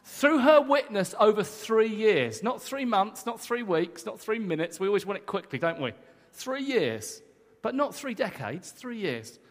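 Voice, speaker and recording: A man preaching a sermon to a congregation, energetic and emphatic, joking with the crowd between points. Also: high-pitched, a little slow. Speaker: guest preacher. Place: church hall. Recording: long church hall reverb.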